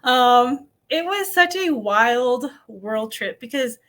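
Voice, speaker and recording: A woman's voice: a little high, expressive, slow pace, a bit bright. Upbeat laughing middle-aged American woman. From New Mexico, USA. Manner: laughs often while telling hard news, upbeat. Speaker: podcast guest, dirt bike rider. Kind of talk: casual interview storytelling.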